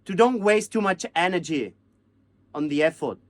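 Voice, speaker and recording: A man teaching hand-drum technique, chanting drum syllables and counting beats in halting. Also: high voice, expressive, a little hiss or hum. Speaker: percussion teacher. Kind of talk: hands-on music lesson.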